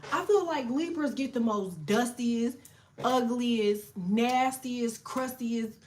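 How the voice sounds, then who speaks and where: A woman tarot reader talks straight to the camera in a casual rant. Her voice sits somewhat high, and she tells her story in a blunt, heavily profane, animated way. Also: takes it slowly.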